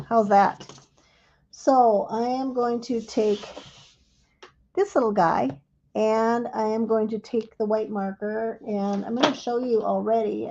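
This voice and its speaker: A woman hosting a live crafting demonstration and explaining each step gently and without hurry. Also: medium pitch, creaky, dull audio, a little hiss or hum. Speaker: craft instructor.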